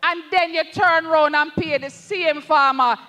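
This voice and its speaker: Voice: high voice, normal speed, sharp tone, long reverb tail. A speaker with a Jamaican accent giving an impassioned campaign rally speech, calling the crowd comrades and slipping into patois. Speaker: political candidate at a rally.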